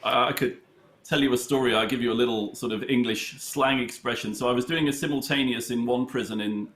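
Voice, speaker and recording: A middle-aged man from the United Kingdom, a chess charity head, answering interview questions in a halting, storytelling way with many fillers. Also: mid-range voice, fairly even intonation, fairly bright tone. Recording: roomy echo.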